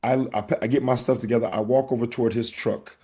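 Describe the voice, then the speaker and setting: A husky-voiced man hosting a podcast at a mid pitch. He tells a story in an animated, conversational way, acting out both sides of the exchanges. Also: fast talker. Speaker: podcast host. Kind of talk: casual podcast chat.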